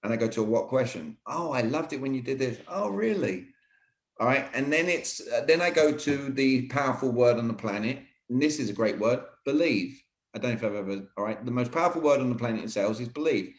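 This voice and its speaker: A man coaching on sales technique in an energetic, emphatic way, often saying "all right". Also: medium pitch, fast. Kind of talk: teaching sales techniques in conversation. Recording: roomy echo.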